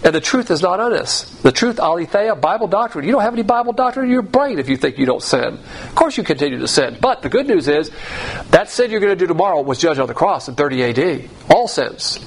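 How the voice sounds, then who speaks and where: A man preaching a sermon in an emphatic, blunt way, swinging between loud and hushed delivery. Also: fairly high pitch, very animated, fast, rough recording.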